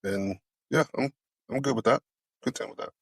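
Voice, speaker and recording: A man's voice: mid-range voice, moderate pace, slightly rough, no room sound, clean studio sound. A man co-hosting a podcast, easygoing and often chiming in to agree. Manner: easygoing, agreeing back-channel. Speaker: podcast co-host. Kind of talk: casual podcast chat.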